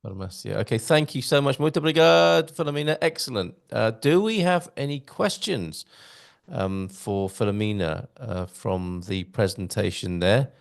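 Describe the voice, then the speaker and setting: A man's voice: lowish voice, animated, normal speed, creaky. A man hosting a casual live online lesson, upbeat and jokey, reading out viewer comments. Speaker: host. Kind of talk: casual live-stream chat.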